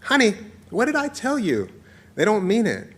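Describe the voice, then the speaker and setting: A man putting on a fretful, tender young mother, coaxing her crying son in a storybook joke. The voice rides noticeably higher than his own and stays soft and soothing. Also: wildly swooping pitch, normal speed, husky, heavily acted.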